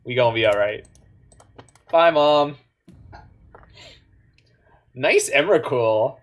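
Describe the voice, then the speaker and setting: A man's voice: mid-range voice, slow pace. A man from Canada, giving casual, joking commentary while he plays an online card game, with muttered asides in between.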